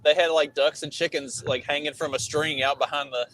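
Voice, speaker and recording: A man's voice: a little high, fairly even intonation, a little fast, a bit bright, slight background noise, low-quality recording. A man co-hosting a casual podcast chat, making provocative jokes and laughing at them. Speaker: podcast co-host.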